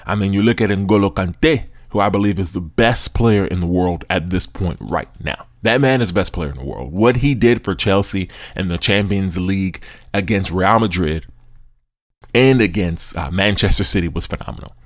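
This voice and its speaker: A man's voice: sits low, normal speed, no room sound. A young American man hosting a sports podcast, talking casually and with animation, with slang and frequent laughs. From United States. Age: young adult. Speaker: podcast host.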